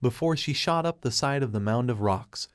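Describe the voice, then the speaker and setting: A man reading a fan fiction story aloud as narrator, with an even, steady storytelling delivery. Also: medium pitch, normal speed, dry recording, clean studio sound.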